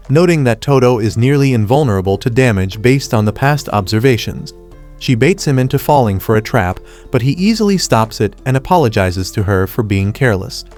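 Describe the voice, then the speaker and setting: A man reading a scripted anime recap as narrator, in a steady, rapid retelling. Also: medium pitch.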